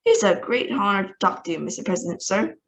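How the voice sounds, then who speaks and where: A woman's voice: mid-range voice, expressive, quick pace, a little hiss or hum, close to an everyday voice. A woman reading aloud, voicing an eager, fawning male astronaut. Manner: deferential, gushing.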